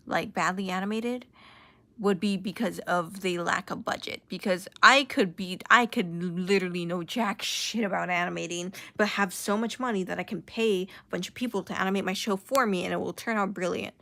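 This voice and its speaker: A woman's voice: medium pitch, moderate pace, gravelly, pushed and bright, no room sound. Young woman ranting, dry close sound. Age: young adult. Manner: sarcastic, mocking, heavy filler words. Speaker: commentary YouTuber. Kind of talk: casual ranting commentary.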